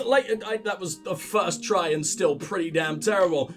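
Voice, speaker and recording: A man's voice: sits high, lively intonation, normal speed, few pauses, a bit bright, soft background music. A man commentating on his own gameplay, sarcastic and profane, mocking what he sees. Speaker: let's play host.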